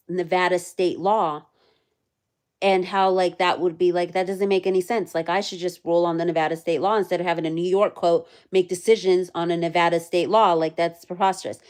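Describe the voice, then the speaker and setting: Chatty woman recapping a hearing. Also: medium pitch. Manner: chatty, many fillers, reads chat aloud, quotes people in animated voices. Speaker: livestream host recapping court hearing. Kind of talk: casual livestream recap.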